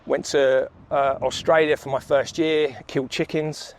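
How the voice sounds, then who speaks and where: Man, 30s, slightly high voice, easygoing walk-and-talk vlogger, swears a lot, city street. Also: little pitch movement, a little slow. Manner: laid-back, swears freely, laughs often. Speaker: vlogger, sales coach. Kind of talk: casual walk-and-talk storytelling.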